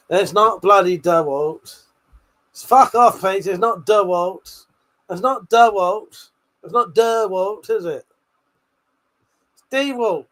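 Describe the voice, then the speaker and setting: A man's voice: high-pitched, a bit bright. A man hosting a live stream, laughing and swearing as he reads out viewer comments. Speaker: livestream host. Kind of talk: casual live-stream chat.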